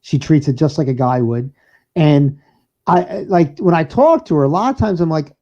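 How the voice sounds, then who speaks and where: This male podcast co-host, also a DJ, has a fairly high, slightly mellow voice with lively intonation at a normal pace. He rambles casually through stories, often laughing and starting over, and the lo-fi audio sounds dull.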